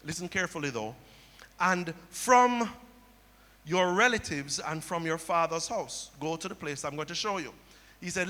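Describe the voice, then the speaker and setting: At a normal speed, a man preaches as pastor in a slightly high voice that is bright and forceful. His sermon mixes storytelling with key phrases repeated back to the congregation, recorded in a church sanctuary with long hall reverb.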